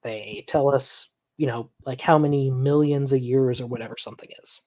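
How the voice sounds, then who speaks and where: A man hosting a casual reaction stream, calmly explaining science points to his audience. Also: medium pitch, moderate pace. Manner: relaxed, explanatory, sighs and laughs at the clip. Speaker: stream host.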